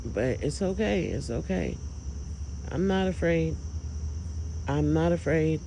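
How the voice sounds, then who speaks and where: A man filming outdoors at night, talking to viewers in an emotional, awed, exclaiming way with drawn-out words. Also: fairly high pitch, animated, mellow, slight background noise, rough recording. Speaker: vlogger filming lights at night. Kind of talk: excited casual commentary to viewers.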